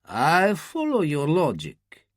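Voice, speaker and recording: A man doing a measured worldly spymaster. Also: a little high, wildly swooping pitch, dry recording, clean studio sound, voice pushed up, heavily acted. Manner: measured, unhurried and dismissive. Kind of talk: audiobook character reading.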